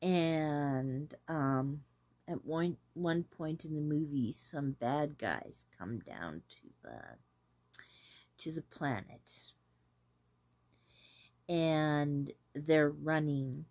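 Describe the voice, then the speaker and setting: A woman hosting a casual talk about an old film, rambling and hesitant with many pauses. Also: sits low, animated, darkish tone, no room sound. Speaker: host reviewing an 80s film. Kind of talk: casual chat.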